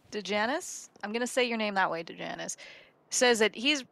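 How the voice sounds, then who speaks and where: A woman's voice: fairly high pitch, fairly quick, pushed and bright, dry recording. A woman co-hosting a casual game livestream, playful and teasing as she reads chat aloud. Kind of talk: casual gaming stream chat.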